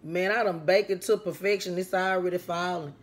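A young woman chatting loudly and playfully to her viewers while eating a meal on mic. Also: on the low side, fairly even intonation, brisk. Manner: chatty, loud and playful, talks to viewers as friends; eats on mic between remarks, with mouth sounds. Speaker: food vlogger. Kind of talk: casual mukbang eating vlog.

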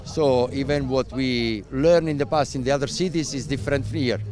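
An older man, a race official, answering interview questions in halting English while searching for words. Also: medium pitch, darkish tone, faint music behind.

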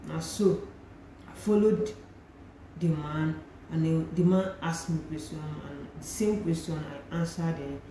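A woman's voice: low-pitched, unhurried, a crowd in the background. A young Nigerian woman with a Nigerian accent, animatedly retelling a personal story in a vlog and slipping into pidgin phrases. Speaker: vlogger. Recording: very echoey room, faint ambience.

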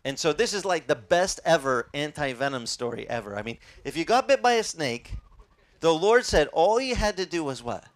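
A male pastor preaching a sermon in a lively, conversational way, quizzing his audience. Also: on the high side, normal speed.

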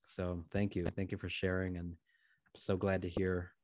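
A man who is a priest, hosting a live prayer program over a video call and answering participants in a gentle, affirming, reflective way. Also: low-pitched, completely flat delivery, a little slow, a little hiss or hum. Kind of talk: pastoral conversation.

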